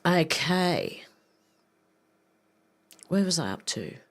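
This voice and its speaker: A woman hosting a live stream, reading viewer comments aloud and reacting with quick asides. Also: lowish voice, very animated.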